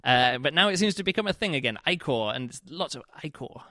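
Man, casual book review, rambling and chatty, bright tense voice, dry close sound. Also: a little high, lively intonation, fast, dry recording. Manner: rambling, chatty, with many fillers and restarts.

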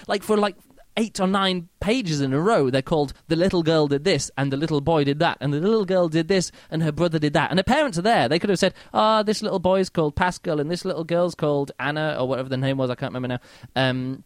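A rambling man reviews a book in a loose, chatty way, full of fillers and mock-quoted reactions. He speaks quickly in a slightly raised voice. The sound is close and dry, with no room around it. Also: fairly high pitch, no echo. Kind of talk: casual spoken book review.

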